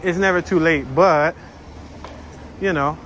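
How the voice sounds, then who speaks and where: A man talks loosely and jokingly to his camera while strolling outdoors, drifting from one topic to the next. His voice sits a little high for a man. Faint city sounds hum behind him. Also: fairly even intonation, unhurried, a bit bright. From North Philadelphia. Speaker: walking tour vlogger. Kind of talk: casual chat while walking.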